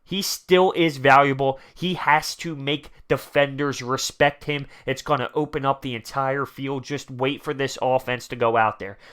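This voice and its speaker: Excited man giving fan commentary. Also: medium pitch, moderate pace, hardly any pauses, clean tone. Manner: animated, emphatic, repeats lines for effect. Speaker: sports vlogger.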